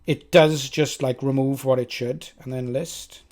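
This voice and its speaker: A man's voice: mid-range voice, fairly even intonation, a little slow, a little mellow. A man with a Welsh accent thinks aloud as he codes on a live stream, chatting with viewers and poking fun at himself. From Wales. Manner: chatty, self-mocking, talks to chat.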